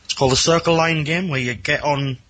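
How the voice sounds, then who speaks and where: A man with a Geordie accent tells a rambling story against himself and acts out the other people in it. His voice is bright but husky. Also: on the high side, steady tone, a little fast. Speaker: caller. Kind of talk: casual anecdote on a radio phone-in.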